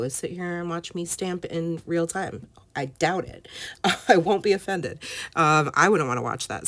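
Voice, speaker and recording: A woman's voice: low voice, dry recording. A woman in her thirties talking casually over her scrapbooking, full of ums and likes. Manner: chatty, many fillers like "um" and "like". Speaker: scrapbooking vlogger. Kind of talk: casual voice-over while crafting.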